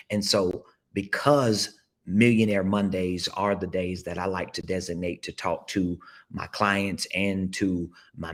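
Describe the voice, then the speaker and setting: A man with a slightly low voice talks to his audience on a casual live stream. He coaches emphatically, repeating himself and coaxing listeners to say phrases back. He speaks from a seat at an indoor table. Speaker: business coach. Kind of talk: casual livestream motivational talk.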